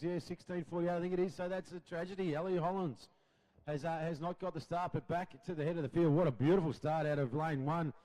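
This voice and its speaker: A man's voice: a little high, dark tone, low-quality recording. A man giving chatty, friendly color commentary during a live race.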